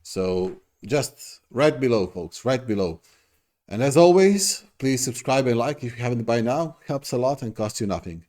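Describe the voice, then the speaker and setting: A man's voice: mid-range voice, moderate pace, few pauses, a little mellow. A middle-aged man hosting a reaction video, talking casually in an effusive, rambling way with many restarts.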